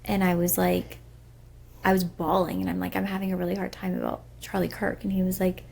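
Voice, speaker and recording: Brief: young woman podcast co-host, husky with gravelly fry, earnest and rambling. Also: on the low side, completely flat delivery, a little fast, a little mellow. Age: young adult. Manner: earnest, rambling with many fillers. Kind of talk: casual emotional chat.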